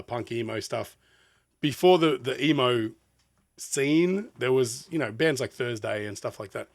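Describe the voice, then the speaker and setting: A man's voice: medium pitch, a bit bright, dry recording, studio quality. An Australian man, a music producer, chatting casually as he reacts to a song, rambling and laughing often. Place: studio.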